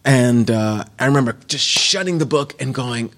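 A man's voice: mid-range voice, moderate pace, hardly any pauses, a bit bright. A man in his forties or fifties from the United States, giving a candid, conversational personal testimony as a retreat speaker. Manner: candid, conversational, loose storytelling.

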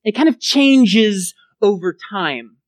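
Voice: mid-range voice, animated, slow pace, dry recording. A pastor from Texas preaching a sermon in a chatty, conversational way, often checking in with the listeners by asking "right?". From Texas, USA.

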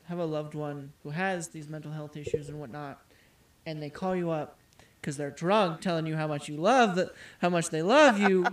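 A young man speaking hesitantly and measuredly in a candid conversation. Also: a little high.

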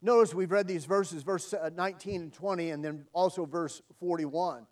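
Higher-voiced man preaching an earnest sermon. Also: steady tone, moderate pace, far from the mic. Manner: earnest, emphatic preaching with repetition. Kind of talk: evening sermon.

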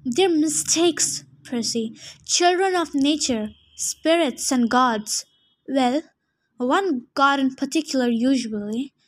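A woman voicing a clever, cool-headed teenage girl who speaks calmly and matter-of-factly. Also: sits high.

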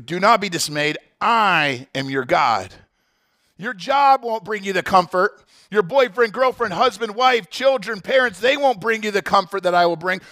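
A man's voice: sits high, pushed and bright, no room sound, clean studio sound. A man preaching a sermon as pastor, emphatic, often restarting his words.

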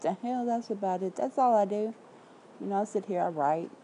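A woman's voice: mid-range voice, warm tone, a little hiss or hum, poor audio. A woman from Memphis with a Southern accent, chatting casually and bluntly with viewers while she reads out headlines and comments, swearing freely. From Memphis, Tennessee. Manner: blunt, profane, reads comments and headlines aloud with quick asides. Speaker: independent writer streaming to viewers. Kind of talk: casual livestream chat.

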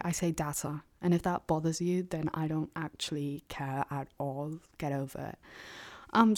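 A young woman with a lowish voice talks through her solo podcast in a loose, rambling way. She is blunt and sarcastic, and she often slips into a half-whisper. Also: a little mellow. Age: young adult. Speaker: podcast host. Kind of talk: casual solo podcast monologue.

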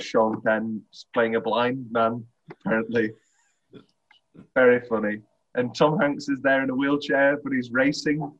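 A man's voice: medium pitch, muffled recording. A man co-hosting a casual film podcast, laughing often and acting out lines from the movie. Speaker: podcast co-host.

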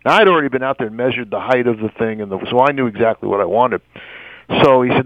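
A man spins an animated anecdote as an interview guest, stammering and acting out the voices of the people in it. His voice sits at an ordinary mid pitch. The sound is dull and slightly muffled, with no room echo. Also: fast talker. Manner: acts out quoted voices, stammers and laughs often.

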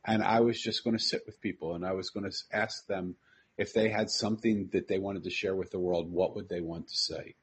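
A man's voice: low voice, fairly even intonation, a little fast, slightly rough. A man earnestly telling a personal story, repeating phrases and quoting the people he met.

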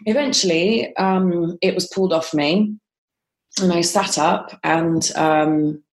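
On a podcast, a woman guest with a lowish voice tells a personal story haltingly and conversationally, with frequent ums and restarts.

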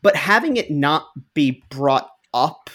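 A man from New York co-hosting a casual film chat podcast, quick and half-joking. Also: a little high, animated, pushed and bright. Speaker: podcast co-host. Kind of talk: casual chat about films.

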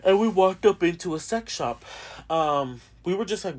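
A man's voice: fairly high pitch, expressive, moderate pace. A young man hosting a podcast in casual chat, rambling and swearing a lot and often laughing. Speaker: podcast host.

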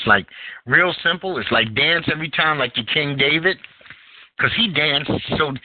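A man hosting a podcast, telling a story in casual, profane chat with big swings of feeling. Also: no echo. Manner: animated, profane storytelling with wide pitch swings. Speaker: podcast host. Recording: tinny phone line.

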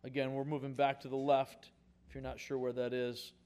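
A male pastor preaching a sermon in a conversational, folksy way, swinging from quiet asides up to emphatic, louder points. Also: completely flat delivery, a little fast. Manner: rises in pitch and volume for emphatic points, drops to quiet asides.

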